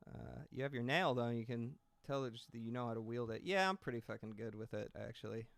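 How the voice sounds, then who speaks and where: A man's voice: mid-range voice, quick pace, vocal fry, fairly bright tone, no echo. Young male streamer, late twenties, loose rambling chat with plenty of swearing, self-mocking and easygoing, at a desk mic. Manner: rambling, self-deprecating, swears freely, reads chat aloud. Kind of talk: casual gaming stream chat.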